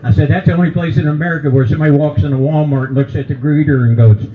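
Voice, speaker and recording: A man's voice: on the high side, fairly even intonation, very fast, narrow, tinny audio. Seventy-something man doing folksy stand-up. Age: 70s. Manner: folksy, teasing the crowd, jokes about old age. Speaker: stand-up comedian. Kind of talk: stand-up comedy set. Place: brewery stage with live audience.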